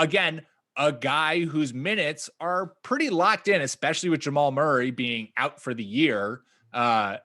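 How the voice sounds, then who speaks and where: A man co-hosting a podcast, talking through sports stats in casual chat, animated and profane, laughing often and jumping up in pitch to stress numbers. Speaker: podcast co-host.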